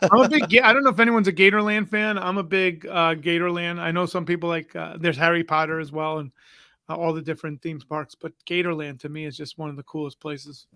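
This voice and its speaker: A man's voice: a little high, steady tone, fast, pushed and bright, dry recording. A man talking with enthusiasm as a guest on a casual livestream, telling stories energetically over a video call. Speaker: conference organizer, guest.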